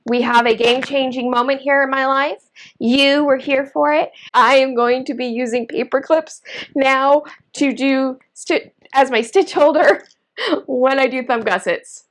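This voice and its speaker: High-pitched and unhurried, a woman hosts a knitting video, chatting casually as she demonstrates. She's enthusiastic and gushing, full of exclamations.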